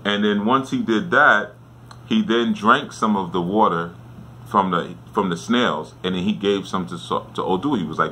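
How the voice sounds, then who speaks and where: A man's voice: lowish voice, normal speed, bright, forceful tone, a little hiss or hum. A man in a casual storytelling lesson, talking conversationally and often checking in with "right?". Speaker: spiritual teacher.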